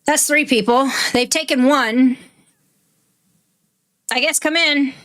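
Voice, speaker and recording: A woman's voice: high voice, fairly even intonation, slow, long pauses, a bit bright. A woman giving casual, profane commentary while playing a horror game. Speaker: gaming streamer. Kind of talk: game let's play commentary.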